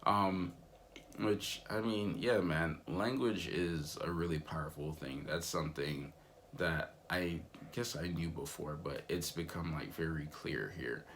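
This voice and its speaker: A man's voice: very deep voice, a little slow, fairly bright tone, slight background noise. A young man vlogging in a rambling, laid-back way, full of fillers. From United States. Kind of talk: casual vlog monologue.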